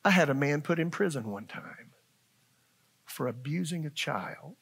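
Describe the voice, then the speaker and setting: Earnest older preacher, folksy and plain. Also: male voice, fairly high pitch, animated, unhurried, creaky, fairly bright tone, slightly rough. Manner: folksy, earnest preaching with repetitions and asides to the congregation. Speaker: pastor. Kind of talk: sermon. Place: church sanctuary.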